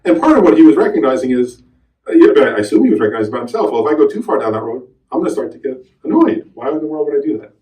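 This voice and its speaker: A middle-aged man giving a meditation teaching to a group, telling a personal story with animated quoted voices. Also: mid-range voice, very fast. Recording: roomy hall, voice from a distance.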